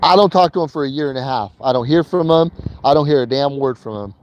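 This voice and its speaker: A man's voice: mid-range voice, fast, highs cut off, slight background noise. A man telling a personal story in a casual vlog while in a vehicle he is driving, talking loosely with slang and many fillers and repeats. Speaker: vlogger.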